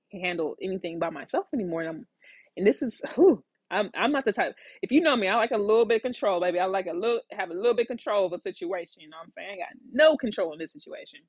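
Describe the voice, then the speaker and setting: A woman in her thirties, a podcast host, telling a personal story in a rambling, animated way with lots of fillers and restarts. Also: mid-range voice, fast, husky, dry recording, muffled recording. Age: 30s. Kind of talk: casual storytelling monologue.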